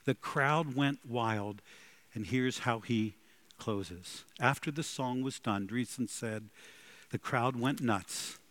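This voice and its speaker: Speaking slowly in a medium pitch, a male pastor delivers a sermon full of dramatic storytelling, shifting from loud passages to hushed ones. There's no room sound in the recording.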